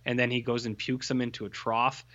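A man's voice: mid-range voice, little pitch movement, fairly quick, fairly bright tone, lo-fi sound. A man co-hosting a podcast in casual chat, rambling and sardonic, full of fillers and restarts. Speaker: podcast co-host.

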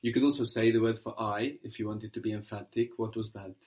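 A man's voice: fairly low pitch, steady tone, a little fast, darkish tone. Patient man teaching a language lesson. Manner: patient, encouraging, explains step by step.

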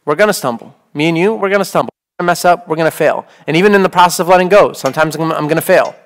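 Talking at a racing clip in a slightly high voice, a man in his thirties, a priest, delivers a laid-back sermon full of "like" and "okay?".

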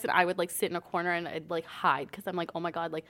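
A woman's voice: fairly low pitch, little pitch movement, quick pace, a bit bright. Young woman, podcast guest, casual storytelling, constant "like", acts out quotes. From Canada. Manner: chatty, says "like" constantly, acts out quoted dialogue.

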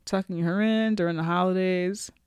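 A woman's voice: fairly low pitch, moderate pace, clear, resonant tone, no echo, studio quality. A woman co-hosting a podcast, casually recapping a TV episode with lots of fillers and swearing. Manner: chatty, profane, animated storytelling with frequent fillers. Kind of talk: casual chat.

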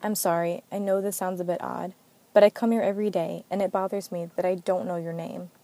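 A woman's voice: on the low side, flat delivery, brisk, warm tone, natural voice. A woman voicing an earnest, protective male officer in a story reading, speaking with concern. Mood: charming.

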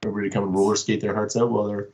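A man's voice: fairly low pitch, little pitch movement, racing, a crowd in the background. A man from Canada, a band member guest on a podcast, trading teasing jokes and laughing often. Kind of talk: casual chat.

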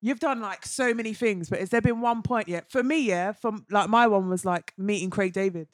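A woman's voice: medium pitch, normal speed, no echo, clean studio sound. Chatty woman co-host. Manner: chatty, slangy questions. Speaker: podcast co-host. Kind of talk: casual chat.

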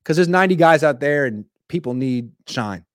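A man giving casual, jokey sports commentary with quick, animated asides. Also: fairly high pitch, dry recording, studio quality.

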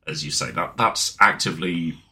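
A man's voice: deep voice, moderate pace. A man co-hosting a podcast, joking and talking over his co-host in casual chat. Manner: animated, jokey, talks over co-host.

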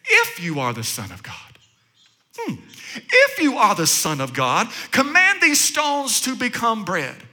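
A man's voice: very high-pitched, wildly swooping pitch, a little slow, pushed and bright, heavily acted. A man preaching voices the devil as a mocking, doubting male tempter. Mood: taunting. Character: sneering taunting devil, male.

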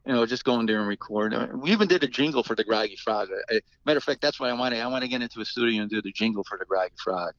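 A man's voice: mid-range voice, racing, few pauses, no room sound, dull audio. Rambling, restart-prone man telling stories. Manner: rambling, animated, many restarts. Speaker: musician guest. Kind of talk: casual storytelling interview.

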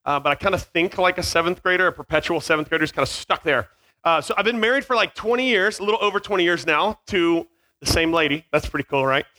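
Man, 40s, high bright voice, camp speaker wandering off on silly tangents for middle schoolers. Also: expressive, fast talker. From Virginia. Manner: scattered, self-mocking, jumps between tangents. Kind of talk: joking talk to middle schoolers. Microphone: headset mic.

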